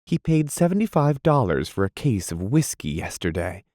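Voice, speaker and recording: A man reading aloud, voicing a composed, scornful young wife in a quiet, measured way. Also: on the low side, big pitch swings, no room sound, clean studio sound. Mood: cool.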